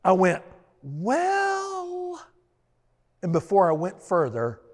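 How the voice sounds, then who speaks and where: A man's voice: fairly high pitch, big pitch swings, normal speed, a little mellow. A man telling a self-deprecating personal story as a pastor, in a storytelling sermon style. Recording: long reverb of a large hall.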